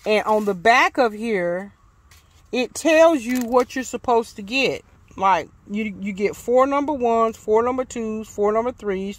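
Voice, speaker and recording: A woman with a Southern US accent chatting casually to her viewers in a DIY vlog, folksy and quick to get riled up. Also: mid-range voice, no room sound. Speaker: DIY vlogger.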